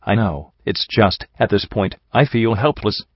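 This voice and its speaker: Glory, a soft caring pegasus doctor, read by a man. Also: fairly low pitch, unhurried, husky, no echo. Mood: gentle. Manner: soft, matter-of-fact reassurance. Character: gentle female pegasus doctor, earnest and caring. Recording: dry, slightly dull home recording.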